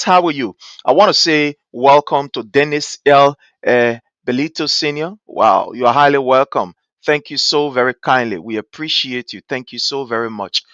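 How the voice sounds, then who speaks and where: A man's voice: mid-range voice, fairly bright tone, no room sound. Effusive Liberian man hosting a livestream. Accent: Liberian English. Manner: effusive, repetitive thanks and pleading appeals. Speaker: livestream show host. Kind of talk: live-stream talk, greeting viewers. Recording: dull, dry lo-fi stream audio.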